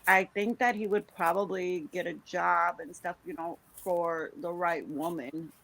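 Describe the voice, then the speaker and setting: A woman's voice: fairly low pitch, steady tone, a little slow, creaky, a bit bright, low-quality recording. A woman co-hosting a casual livestream, laid-back and unsure of herself, often trailing off. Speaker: co-host.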